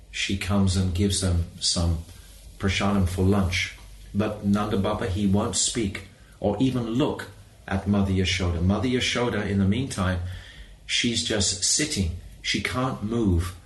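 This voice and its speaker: A man's voice: on the low side, roomy sound, low-quality recording. A man telling a devotional story in a sermon, emotive, acting out the quotes and closing with chanted praises. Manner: emotive, acts out quotes, ends in call-and-response chants. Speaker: preacher.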